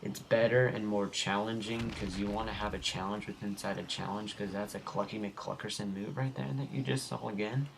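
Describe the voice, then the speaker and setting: A man's voice: lowish voice, steady tone, brisk, creaky, hardly any pauses. A young man giving casual, rambling commentary over his gameplay footage as the host of a gaming channel, goofy and easily sidetracked. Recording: home recording with faint background noise.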